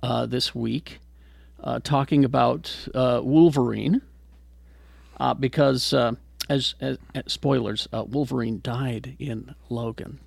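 A man's voice: medium pitch, fairly even intonation, takes it slowly, gravelly, no echo. A man hosting a casual entertainment podcast, reading news items with lots of fillers. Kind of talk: casual chat.

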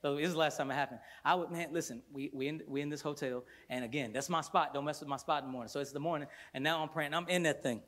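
A worship pastor preaching a sermon to a congregation in a church, fervent, swinging between loud bursts and hushed stretches, with playful joking asides. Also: male voice, on the high side, quick pace, hardly any pauses. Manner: playful storytelling asides with laughter. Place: church sanctuary before a congregation.

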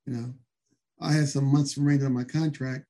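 A man's voice: mid-range voice, level tone, fairly quick, dark tone. A man, a former wrestler, telling stories casually in an interview, rambling with many fillers.

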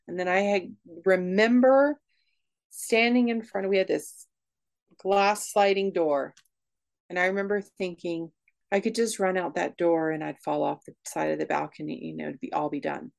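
A woman telling a raw personal story in an interview, candid and emotional, speaking in quick bursts with frequent restarts. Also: medium pitch, creaky. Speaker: guest.

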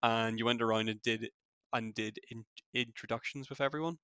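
A young man with a Belfast accent who talks quickly, full of fillers and restarts, in a casual interview. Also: mid-range voice, fairly even intonation, sharp tone, clean tone, dry recording, studio quality. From Northern Ireland. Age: young adult. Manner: fast-talking, many fillers and restarts. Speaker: former student guest.

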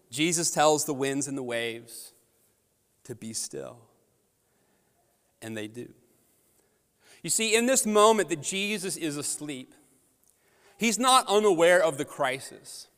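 Pastor preaching in a reverberant hall. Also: male voice, a little high, a bit bright. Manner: storytelling, conversational with rising emphatic peaks. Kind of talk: sermon. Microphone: handheld or headset microphone.

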